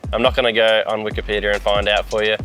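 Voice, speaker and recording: A man's voice: lowish voice, flat delivery, fast talker, a bit bright, soft background music. Laid-back Australian man hosting a car vlog. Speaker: host. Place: inside a car.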